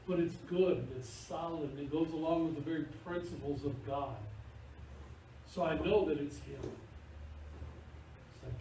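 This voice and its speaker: A man preaching a sermon in an animated, playful way, acting out little scenes. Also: a little high, normal speed, long pauses. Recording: echoey room, picked up from far off, faint hiss.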